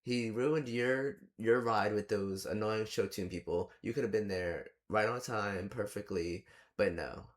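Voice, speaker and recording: A man's voice: lowish voice, unhurried. Exasperated man ranting about a movie. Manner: exasperated, ranting, rhetorical questions; loose and chatty with many fillers. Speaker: movie reviewer. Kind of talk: casual reaction commentary.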